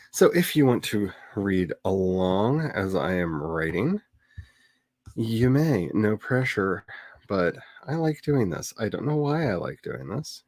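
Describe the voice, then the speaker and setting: A middle-aged man hosting a writing livestream, chatty and animated, with quick laughs and dramatic asides. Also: on the low side, dry recording. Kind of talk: casual livestream chat.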